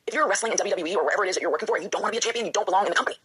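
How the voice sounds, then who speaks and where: A woman speaks quickly in a husky, breathy voice of medium pitch and a slightly bright tone. She's a professional wrestler and author opening up as an interview guest, candid and emotional, often acting out the doubting voice in her own head.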